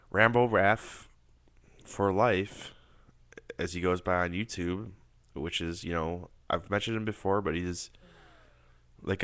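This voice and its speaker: A man giving a casual, rambling film review monologue, swearing often and filling pauses with "like" and "um". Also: deep voice, a bit bright, no echo. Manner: rambling, profane, filler-heavy.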